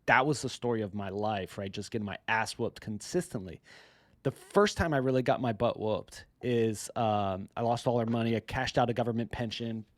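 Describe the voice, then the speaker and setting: A man hosts a podcast in an upbeat, chummy manner, calling his guest man and bro. His voice sits at an ordinary pitch, and the recording is dry with no room sound. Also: normal speed, no room sound. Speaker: podcast host. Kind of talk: casual interview.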